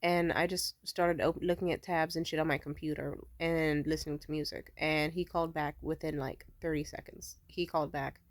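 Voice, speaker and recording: A woman's voice: deep voice, little pitch movement, normal speed, few pauses, no room sound. A young adult woman telling a personal story in a casual, rambling way, blunt and heavy on profanity. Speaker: vlogger.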